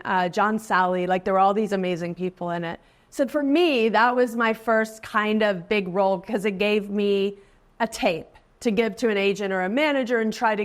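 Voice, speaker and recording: A woman in her forties, a guest actress in a casual interview, who talks in a chatty way, laughs often and lifts her voice when quoting people. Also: medium pitch. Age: 40s.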